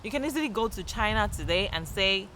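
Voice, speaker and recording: An upbeat woman gives a motivational talk in a chatty, energetic style. She laughs often and now and then jumps into loud, high-pitched greetings. Steady traffic noise is clearly heard behind her voice. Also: quick pace. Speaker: motivational YouTuber.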